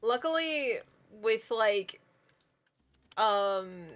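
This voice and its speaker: A woman's voice: on the high side, expressive, extremely slow, a bit bright. A woman chatting casually while streaming a game, often restarting her sentences and laughing easily. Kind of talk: casual gaming stream chat.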